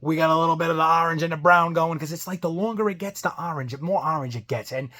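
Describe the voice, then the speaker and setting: A man's voice: a little high, quick pace, pushed and bright. A man hosting a casual wrestling review vlog, rambling and loose, trailing off and restarting his thoughts.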